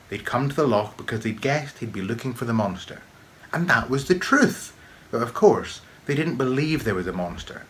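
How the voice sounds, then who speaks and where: A man reading aloud his own children's story with expressive, measured storybook narration. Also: medium pitch, slight background noise.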